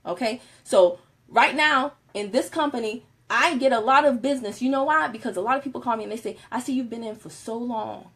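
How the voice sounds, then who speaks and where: Animated woman giving a casual pep talk. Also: on the high side, a little fast, husky. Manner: animated, laughs often, switches from soft to loud. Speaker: motivational speaker on a live stream.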